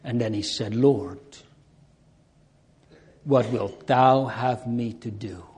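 A man preaching a sermon, slow and earnest, drawing out pleading cries. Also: medium pitch, warm tone.

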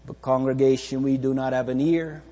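A man preaching a slow, solemn funeral sermon with a pastor's repeating cadence. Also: mid-range voice, level tone, dark tone, big-room sound.

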